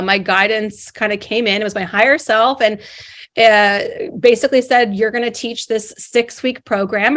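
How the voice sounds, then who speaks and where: Woman guest, mid-range pitch, lively casual storyteller who acts out inner dialogue. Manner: animated, acts out her inner voices. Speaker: podcast guest.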